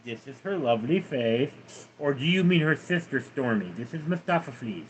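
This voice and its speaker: A man live-streams from home with his cats, reading viewer comments aloud and answering them offhandedly in casual chat. His mid-range voice is expressive and moderately paced, with slight background noise.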